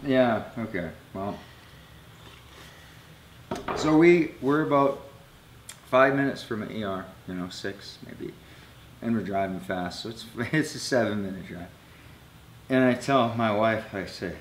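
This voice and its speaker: A man in his thirties, an interview guest, telling an emotional personal story, his voice swinging between loud bursts and hushed low lines. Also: expressive, normal speed, a little hiss or hum. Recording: echoey room with faint ambience.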